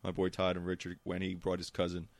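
Lower-voiced man telling animated sports stories. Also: quick pace, dry recording. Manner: animated storyteller with many restarts. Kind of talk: casual chat.

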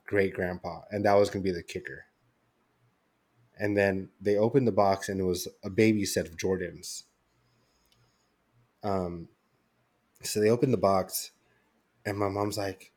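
Low-voiced young man telling a rambling story. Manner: rambling storytelling with many fillers. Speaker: podcast co-host. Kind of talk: casual chat.

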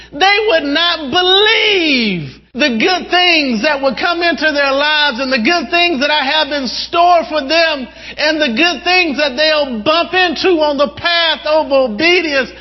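A man voicing God as a yearning, exclaiming figure inside a sermon, raising his voice high. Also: slow. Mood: longing, exclaiming. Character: God, longing and exclaiming over his people. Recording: dull sound with long hall reverb.

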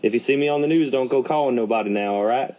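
A man's voice: mid-range voice, quick pace, a little mellow, natural voice. Man doing a drawling backwoods caller, sly and creepy, muffled phone sound. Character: shady rural Texan man buying a chainsaw. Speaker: prank caller.

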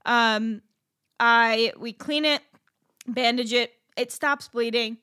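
Bright, animated woman telling a story. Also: fairly high pitch, slow, smooth, dry recording, studio quality. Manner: animated storytelling with frequent swearing and fillers. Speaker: podcast co-host. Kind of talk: casual chat.

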